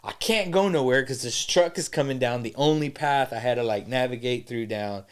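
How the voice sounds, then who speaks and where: A man co-hosting a podcast, telling a story in animated, slangy casual chat and swearing freely. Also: medium pitch, moderate pace, clean tone. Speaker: podcast co-host.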